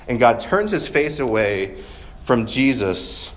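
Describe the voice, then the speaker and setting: A man's voice: mid-range voice, expressive, a little slow. A man in his thirties preaching a sermon in a casual, conversational way, with self-deprecating humor and plenty of ums. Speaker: pastor.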